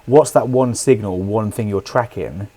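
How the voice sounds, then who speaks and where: A man's voice: fairly low pitch, a little slow, mellow. A man hosting a casual interview over a video call, upbeat and full of restarts and fillers. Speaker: podcast host.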